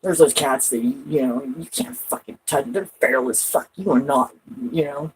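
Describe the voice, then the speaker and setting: A woman's voice: a bass voice, moderate pace, slight background noise, poor audio. A woman vlogging from home in casual rambling chat, swearing a lot and laughing often.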